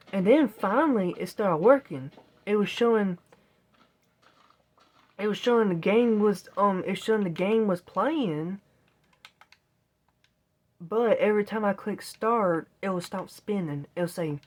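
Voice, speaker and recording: A woman's voice: medium pitch, moderate pace, darkish tone. A woman telling a long casual story, rambling and exasperated, quoting her own reactions. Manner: rambling, exasperated retelling with quoted self-talk. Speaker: vlogger. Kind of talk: casual storytelling while gaming.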